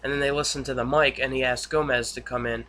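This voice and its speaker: A man's voice: mid-range voice, steady tone, fast talker, bright, forceful tone, a little hiss or hum. A young man recapping a TV episode in casual, rambling speech with many fillers and restarts. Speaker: YouTube reviewer.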